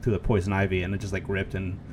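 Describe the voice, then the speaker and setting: A man chatting casually on a podcast, relaxed as he recalls old memories. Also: sits low, fast talker, a little hiss or hum. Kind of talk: casual chat.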